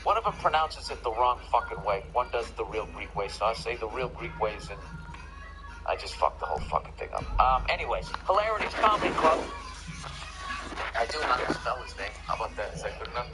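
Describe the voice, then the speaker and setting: A man hosting his own comedy podcast talks in a loose, rambling monologue. He swears freely, jokes sarcastically and keeps derailing himself mid-sentence. Music plays clearly in the background. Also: mid-range voice, very animated, fairly quick, low-quality recording. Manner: profane, sarcastic, self-interrupting. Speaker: podcast host and stand-up comedian.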